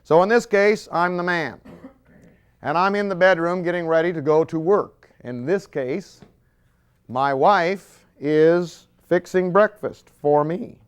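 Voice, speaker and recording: Clear-voiced man preaching animatedly. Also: on the high side, slow pace. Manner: animated storytelling, acting out scenes. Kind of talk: sermon.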